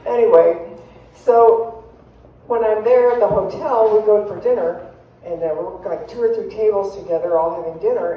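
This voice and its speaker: A woman's voice: medium pitch, dull audio. A woman comedian telling chatty, self-deprecating stories to a live audience, laughing at her own jokes. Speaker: guest comedian. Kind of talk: comedic storytelling. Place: church hall with live audience. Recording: echoey hall, distant mic, faint noise.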